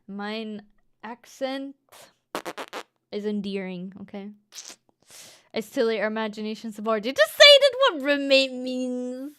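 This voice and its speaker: A woman's voice: mid-range voice, animated, measured pace, fairly bright tone, clean tone. A young woman with a Scottish accent chatting casually on a livestream, playful and giggly, swearing freely. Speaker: streamer.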